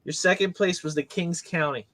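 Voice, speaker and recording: A man calls out the rankings from his notes in brisk, matter-of-fact fashion, teasing the host along the way. His voice is bright and somewhat high, and the sound is dry and close. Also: dry recording. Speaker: co-host reading results. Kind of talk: casual chat.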